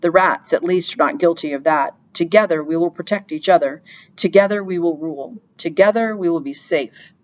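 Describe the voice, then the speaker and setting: A woman's voice: fairly low pitch, normal speed, highs cut off, lightly acted. A woman reading an audiobook, voicing a cold young male royal traitor who speaks coldly. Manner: cold with a slight tremor.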